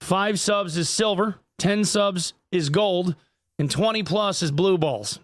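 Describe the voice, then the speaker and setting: Man streaming, high voice, dry close sound, jokey, swears casually. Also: takes it slowly, dry recording. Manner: profane, jokey, chatty. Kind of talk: casual livestream chat.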